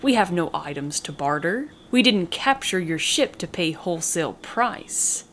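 A woman's voice: fairly low pitch, expressive, moderate pace, a bit bright, slight background noise. A woman reading the lines of a smug, showy male pirate captain with mocking, theatrical courtesy.

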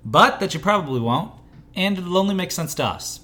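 Wry man co-host with a slightly high voice. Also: expressive, brisk, sharp tone. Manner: dry, joking, teasing. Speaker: podcast co-host. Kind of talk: casual beer-tasting chat.

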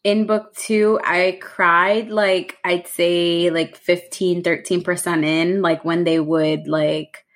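A woman's voice: on the low side, little pitch movement, slow, hardly any pauses. A woman co-hosting a book podcast, chatting casually and rambling with lots of fillers. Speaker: podcast co-host.

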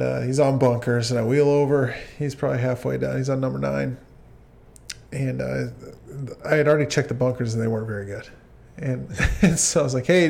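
A man telling a work story in relaxed casual chat, laughing often as he goes. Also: mid-range voice, creaky. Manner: laid-back, laughs while telling stories. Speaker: podcast co-host.

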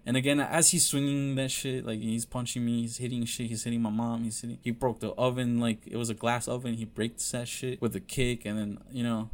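A young man telling a personal story in a casual way, blunt and full of swearing, with halting restarts. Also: medium pitch.

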